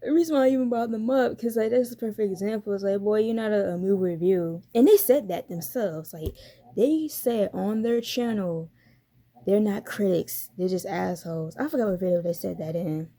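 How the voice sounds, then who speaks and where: A woman's voice: medium pitch, normal speed, dark tone. Blunt, profane young woman ranting. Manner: blunt, profane, slangy ranting with frequent laughs. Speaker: YouTuber. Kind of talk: casual commentary vlog.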